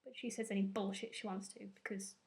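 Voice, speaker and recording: A woman's voice: mid-range voice, steady tone, fast talker. A young woman rambling through a casual recap to camera, with loose fillers and a bit of swearing. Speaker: vlogger.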